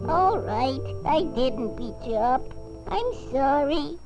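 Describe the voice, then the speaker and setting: A woman's voice: sits high, expressive, slow pace, highs cut off, over music, heavily acted. A woman voicing a short-tempered little male bird in a 1970s children's film, huffy and indignant. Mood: sheepish.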